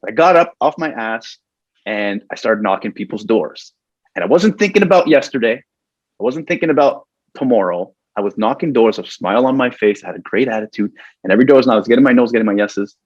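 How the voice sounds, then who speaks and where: A man's voice: medium pitch, expressive, a little fast, no room sound, highs cut off. A man guest on a podcast telling a personal story earnestly, acting out his own past thoughts and getting emotional as he talks. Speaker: podcast guest, corporate trainer.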